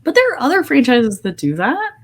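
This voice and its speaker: A woman co-hosting a casual podcast chat, opinionated and emphatic, talking in quick bursts with restarts. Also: high-pitched, huge pitch swings, over a noisy crowd. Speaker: podcast co-host.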